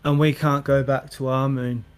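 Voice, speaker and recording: A man's voice: mid-range voice, little pitch movement, normal speed, clear, resonant tone. Koppige, afwijzende man. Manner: stubborn, dismissive. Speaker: flat earth panelist. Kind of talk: heated online debate.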